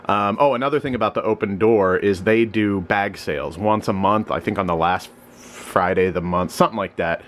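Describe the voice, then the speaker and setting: A young man from Missouri, a reseller vlogger, rambling casually with lots of fillers and sudden jumps up in pitch, a bit sleepy. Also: fairly quick, a little hiss or hum. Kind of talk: casual chat.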